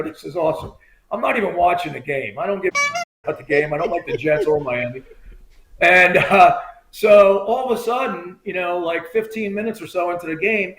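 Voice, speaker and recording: A man with a somewhat high voice tells a long story as a guest, animated and chatty, slipping into the voices of the people he quotes. The room gives his voice a noticeable echo. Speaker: guest, former state trooper. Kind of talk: casual storytelling interview.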